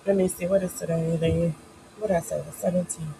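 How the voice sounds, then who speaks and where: A woman's voice: fairly low pitch, fairly even intonation, a little fast, vocal fry, background noise. A woman with a cold, hosting a live writing session in a chatty, playful, encouraging way. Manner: chatty, playful, encouraging with lots of "y'all" and "child". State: sniffly, coming down with a cold. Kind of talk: casual live-stream chat.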